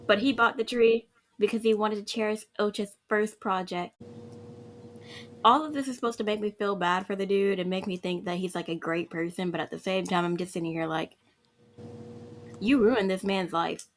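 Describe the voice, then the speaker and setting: A woman co-hosting a casual podcast chat, recapping a story game and acting out the characters in quick asides. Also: mid-range voice, a little hiss or hum. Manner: animated, mimics characters in quick asides, laughs often.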